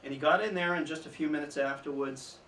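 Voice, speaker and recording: A man giving an informal history talk to an audience, telling the story with chuckling asides and lively emphasis. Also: on the high side, fast talker. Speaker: history speaker. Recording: echoey room, mic at a distance, faint background noise.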